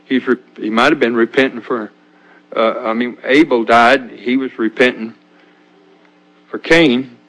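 An older man preaching an informal sermon in a folksy, halting way, often restarting his sentences. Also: medium pitch, steady tone, a bit bright, rough recording.

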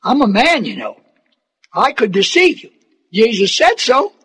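Slow, deliberate high-voiced male preacher. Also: wildly swooping pitch, a bit bright, breathy edge. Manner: slow, deliberate, emphatic preaching with rhetorical questions. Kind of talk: sermon.

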